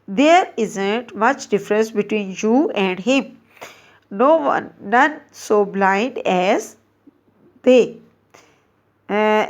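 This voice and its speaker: A woman teacher reading out grammar exercises and labelling each answer, slow and deliberate, correcting herself as she goes. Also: medium pitch. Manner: slow and deliberate, with frequent restarts and self-corrections. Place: Pakistan.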